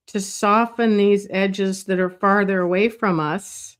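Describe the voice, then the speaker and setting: A woman giving a live drawing lesson, thinking aloud as she works, relaxed and chatty with light laughs, often pausing and correcting herself. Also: mid-range voice, clean tone. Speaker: drawing teacher.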